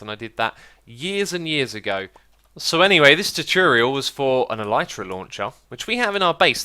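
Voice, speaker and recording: Chatty, bright-voiced man gaming. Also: medium pitch. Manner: chatty, excitable, laughs often. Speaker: Minecraft YouTuber. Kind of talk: casual gameplay commentary.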